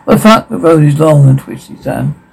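A man's voice: a little high, animated, moderate pace, creaky, husky, full character voice. An actor playing a blunt, stubborn father in a TV drama, talking coarsely and swearing freely. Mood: gruff. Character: gruff blunt middle-aged father, stubborn and proud. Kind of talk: TV drama acting.

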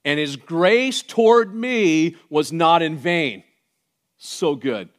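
A man preaching a sermon to his congregation. He moves between hushed, intimate passages and loud, emphatic ones, with conversational joking asides. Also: fairly high pitch, animated, slow. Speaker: pastor.

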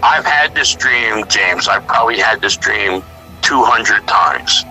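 A middle-aged male musician talking casually in an interview, animated and blunt, acting out what others said. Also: on the low side, takes it slowly, faint music behind, poor audio. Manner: animated storyteller, acts out quotes, swears freely. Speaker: musician guest.

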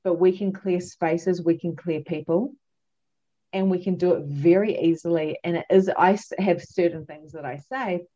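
A woman, a psychic medium and podcast guest, telling a story in an animated, emphatic way with many fillers. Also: lowish voice, moderate pace, highs cut off. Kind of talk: casual storytelling chat.

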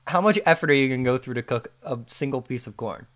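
A man's voice: mid-range voice, quick pace, fairly bright tone. A man co-hosting a podcast, chatting casually with lots of fillers, reading listener answers aloud. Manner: filler-heavy, laughs often. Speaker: podcast co-host. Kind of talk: casual chat.

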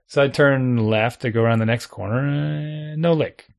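A man casually telling a long story, animated, acting out his own thoughts and chuckling often. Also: mid-range voice, moderate pace, gravelly. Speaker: storyteller guest.

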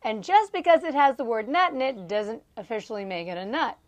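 A woman's voice: fairly high pitch, a little fast. Chatty, giggly woman podcast host. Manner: animated, laughs often, rambling. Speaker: entrepreneur and mom. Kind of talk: casual storytelling monologue. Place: outdoors on a farm.

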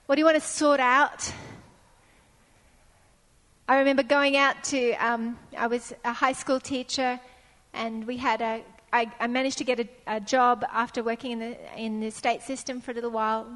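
A middle-aged woman preaches a sermon in an earnest storytelling style, driving points home through repeated phrases. Her high, fairly bright voice holds a level tone at a slightly fast pace. The long reverb of a large church hall rings around her.

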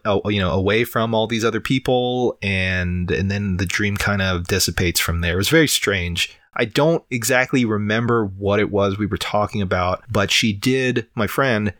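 A man's voice: lowish voice, fairly bright tone, no echo, studio quality. A man with a fever, chatting casually as a podcast co-host, rambling with lots of fillers and casual swearing. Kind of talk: casual chat.

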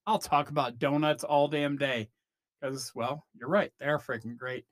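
Close to the mic and in a totally dry, echo-free recording, a podcast host rambles through a comic rant, cutting himself off and launching into exaggerated mock voices. His pitch is fairly high, his tone fairly bright, and his pace a little slow.

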